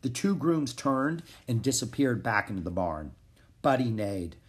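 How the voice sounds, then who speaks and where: A man narrating a children's chapter book aloud in an expressive storytelling manner. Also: mid-range voice, a little slow, breathy edge. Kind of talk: children's audiobook reading.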